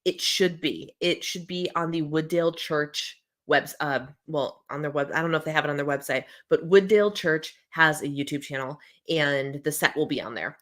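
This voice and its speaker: A woman's voice: deep voice, normal speed, hardly any pauses, fairly bright tone. A woman in her thirties hosting a casual live-stream chat from home, with a scratchy throat, chatty as she reads out viewer comments and answers them. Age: 30s. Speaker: host.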